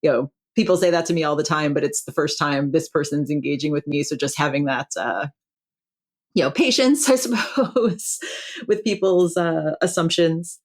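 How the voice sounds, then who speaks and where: A woman's voice: sits low, normal speed. A middle-aged American woman from Buffalo, New York, chatting as a podcast guest over a video call, laughing often and restarting her sentences. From Buffalo, New York, USA. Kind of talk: casual interview chat.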